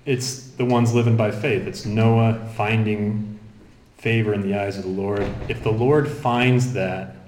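A man preaching an expository sermon, quoting scripture and shifting between quick asides and slow, emphatic readings. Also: fairly low pitch, slight background noise. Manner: expository, animated, quotes scripture. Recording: echoey room.

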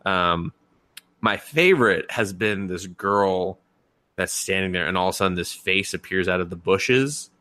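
A man's voice: low voice, lively intonation, a little slow, bright, forceful tone, no room sound. A man casually retelling scenes as a podcast co-host, rambling with lots of fillers and laughs. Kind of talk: casual chat.

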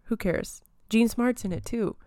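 Chatty young woman with smooth voice. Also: on the high side, unhurried, warm tone, no room sound, clean studio sound. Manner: rambling, many fillers and giggles. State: phlegm in her throat. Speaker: podcast host. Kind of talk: casual pop-culture chat.

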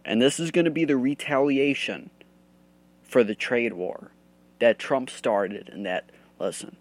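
On his solo podcast, an American host rants angrily and swears heavily. His voice is mid-range and a little slow.

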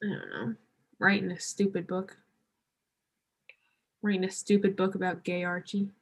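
A woman with a slightly husky voice co-hosts a casual podcast. She makes dry, sardonic remarks as she talks about a TV episode, at a mid-range pitch. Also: flat delivery, normal speed. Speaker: podcast co-host. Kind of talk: casual TV recap chat.

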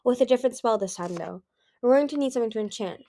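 Woman reading as Darkstalker, a smooth persuasive dragon. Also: a little high, fast, warm tone, close to an everyday voice. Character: huge ancient male dragon, smooth and self-assured.

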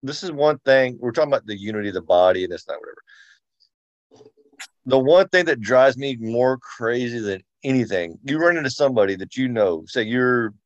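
Talk as an emphatic man, dry and a bit muffled, mid pitch. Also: lively intonation, fairly quick, no echo. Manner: emphatic, repeats himself, says y'all. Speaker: study group member. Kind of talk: casual group discussion. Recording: dry, dull sound.

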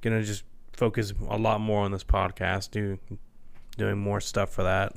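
A man's voice: on the low side, little pitch movement, normal speed, vocal fry. A young man co-hosting a podcast in casual chat, laid-back and slangy, with lots of "like". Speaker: podcast co-host.

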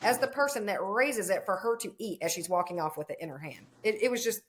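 A woman's voice: medium pitch, expressive, quick pace, slight background noise. A woman farmer in casual conversation, telling stories in a chatty way and acting out the quoted exchanges.

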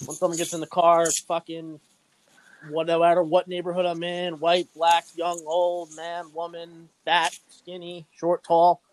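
A man's voice: on the high side, monotone, measured pace, slight background noise, low-quality recording. A man telling a rambling, profane story in casual chat, packing his talk with "like" and laughing often. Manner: fillers "like" constantly.

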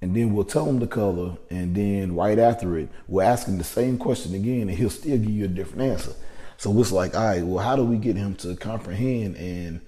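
A man's voice: lowish voice, fairly quick, mellow. A man telling a personal story in a casual, profane, rambling monologue, often restarting his sentences.

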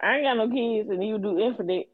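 A woman's voice: fairly high pitch, narrow, tinny audio. A woman co-hosting a casual podcast chat, giggly and easygoing. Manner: giggly, slow-talking. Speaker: podcast co-host.

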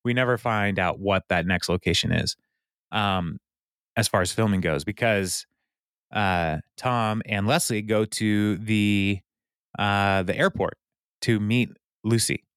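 A man's voice: fairly low pitch, slow, fairly bright tone, smooth, no echo. Guy on a podcast retelling an episode, doing little voices for lines, dry close sound. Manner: retells scenes, briefly acting out characters' lines. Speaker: podcast co-host. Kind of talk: casual recap chat.

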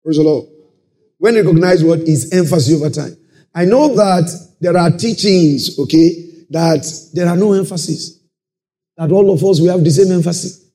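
Brief: male pastor, slightly high, warm tone, sermon with constant "praise the Lord" asides. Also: normal speed. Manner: peppers talk with "praise the Lord" and checks listeners follow. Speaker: preacher.

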